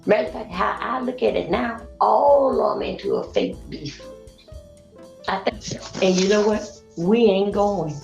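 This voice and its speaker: A woman from Florida rambles through casual group-call chat. Her pitch swoops widely and her voice has a gravelly edge. The sound is roomy and echoey, with faint music behind. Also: a little slow, lo-fi sound. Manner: rambling, animated commentary.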